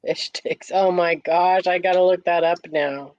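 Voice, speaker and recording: A woman's voice: on the low side, steady tone, normal speed, darkish tone, no echo, lo-fi sound. A woman hosting a casual live morning stream, playful and giggly, repeating words and reading chat comments aloud.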